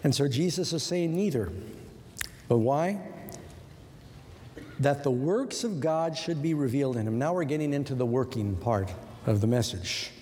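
A man's voice: medium pitch, lively intonation, normal speed, pauses often, warm tone, a little hiss or hum. Earnest male preacher in a reverberant hall. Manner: earnest, conversational preaching with rhetorical questions. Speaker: pastor. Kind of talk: sermon.

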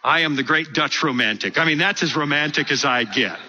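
Man preaching, sermon, lively storyteller, very bright, husky edge, muffled lo-fi recording. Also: a little high, brisk. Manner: animated, storytelling with acted quotes.

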